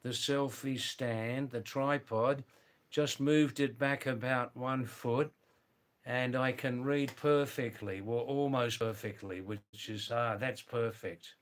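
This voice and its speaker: An older man hosts a relaxed live stream and talks at an unhurried, drawn-out pace. His voice is smooth and clear, and he greets each viewer by name. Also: mid-range voice. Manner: slow, chatty, greets viewers by name, often says wow.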